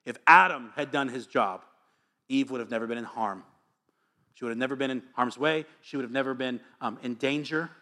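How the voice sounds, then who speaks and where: Bright-voiced joking pastor, a man. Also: medium pitch, fairly quick. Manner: energetic, joking, reads scripture aloud. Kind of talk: sermon.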